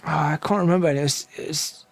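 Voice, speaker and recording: A young man hosting a gaming channel chats casually while playing and narrating a driving game, with game sounds in the background. His voice is fairly high and steady, a little fast, and he rambles and corrects himself often. There's a slight hiss or hum.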